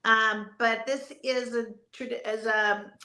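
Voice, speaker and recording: A female stage actress chats as an interview guest. Her voice is bright and forward, she answers frankly and matter-of-factly, and the recording sounds roomy and echoey. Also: fairly high pitch, steady tone, slow pace. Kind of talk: casual chat interview.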